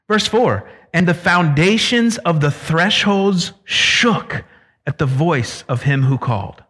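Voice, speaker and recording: A man preaching an expository sermon, swinging from loud emphasis to hushed low drops, with casual asides mixed into the teaching. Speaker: pastor.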